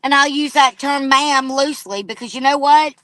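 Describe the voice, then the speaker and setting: A woman's voice: sits high, normal speed, pushed and bright, dry recording. A woman livestreaming an angry, profane rant straight at a rival. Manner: profane and confrontational, addressing a rival directly.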